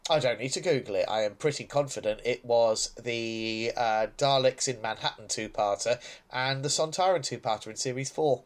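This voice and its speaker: Often laughing, a podcast co-host gives a casual, sarcastic take on a TV episode. He speaks in a mid-range voice at a moderate pace.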